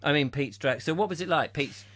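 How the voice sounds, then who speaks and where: A man's voice: fairly high pitch, fast talker, a bit bright. A man hosting a comic live chat show, rambling and silly in his banter. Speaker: host.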